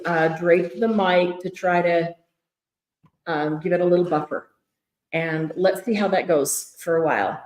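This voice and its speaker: A woman hosting a live craft fundraiser sale, chatting excitedly and greeting viewers by name, recorded in a large room on a mic draped with fabric. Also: lowish voice. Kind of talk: live-stream chat. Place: large echoey event room at a craft retreat. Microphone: fixed room mic draped with fabric. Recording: echoey room, muffled tunnel sound.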